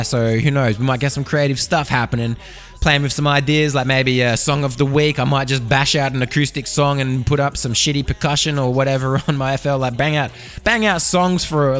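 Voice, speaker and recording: A man's voice: medium pitch, fairly even intonation, a little fast, soft background music. An Australian man hosting a solo podcast, freestyling a rambling, profane monologue full of slang, close on a studio condenser mic. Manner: rambling, profane, slangy, drifting loud and soft. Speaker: podcast host.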